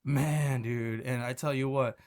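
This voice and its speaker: A man from Michigan, a podcast guest telling stories in casual chat, animated and quick to laugh, often restarting his sentences. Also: mid-range voice. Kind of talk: casual storytelling.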